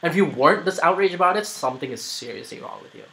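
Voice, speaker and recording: A man's voice: on the high side, lively intonation, very fast, vocal fry, a bit bright, rough recording. A man commenting on a played video, argumentative and rambling, with many fillers. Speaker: YouTuber making a response video.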